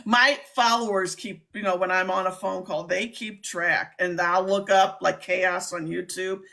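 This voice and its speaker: A middle-aged woman hosting a casual live-stream chat, talking in an excitable, chatty way. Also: lowish voice, a little slow, creaky. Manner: chatty, excitable, laughs often. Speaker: host, scam baiter.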